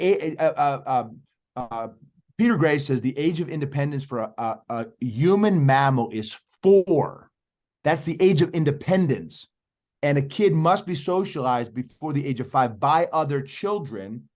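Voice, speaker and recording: A middle-aged man with a medium-pitched, darkish voice appears as a podcast guest; he is a youth speaker. In this animated interview talk, he is emphatic and persuasive, pressing the host with questions and repeatedly driving his point home.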